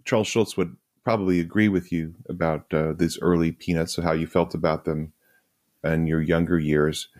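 A man's voice: low-pitched, little pitch movement, normal speed, darkish tone. A man co-hosting a comics podcast, playful and asking questions. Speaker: podcast co-host. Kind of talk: casual chat about comics.

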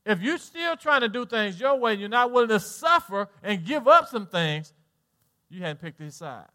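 High, bright Southern preacher man. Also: big pitch swings, normal speed. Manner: preaching with swings between soft low lines and loud high exhortation; folksy, jokes with the congregation. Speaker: pastor. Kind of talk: sermon.

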